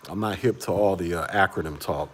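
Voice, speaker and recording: A man's voice: low-pitched, a little fast, fairly bright tone. A man in his forties, a livestream host, chatting casually with viewers in a laid-back way and laughing often. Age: 40s.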